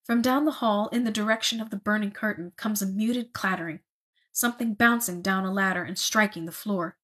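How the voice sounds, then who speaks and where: Woman reading a novel, breathy. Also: mid-range voice, fairly quick, fairly bright tone. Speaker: reader.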